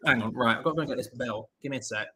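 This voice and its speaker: Husky young football streamer. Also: male voice, medium pitch, racing, pushed and bright, low-quality recording. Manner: chatty, jokey, reads viewer comments aloud. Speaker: watch-along host. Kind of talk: live football watch-along commentary and chat.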